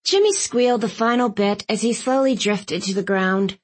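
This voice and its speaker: A woman's voice: medium pitch, moderate pace. Wry woman narrating an audiobook. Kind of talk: first-person audiobook narration.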